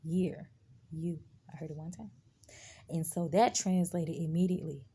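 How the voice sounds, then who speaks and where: A woman speaks on a live stream, giving her faith testimony in a lowish, gravelly voice. Her tone is dark and mellow with a husky edge, and she talks emphatically and casually, straight to her viewers. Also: a little fast. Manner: emphatic, conversational, addresses viewers directly.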